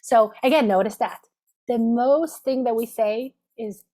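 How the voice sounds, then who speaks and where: Woman therapist, fairly high voice, teaching a lunch-and-learn over a video call, talks step by step with "right?" check-ins. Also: a little slow, warm tone. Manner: explanatory, repeats "right?" as a check-in. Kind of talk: professional lunch-and-learn talk. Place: home office, video call.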